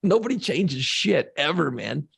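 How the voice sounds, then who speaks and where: A laid-back radio host chats on a podcast with a gravelly, husky voice. The sound is dry and close to the mic, and he swears casually as he talks. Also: a little high, sing-song, measured pace, a bit bright, dry recording.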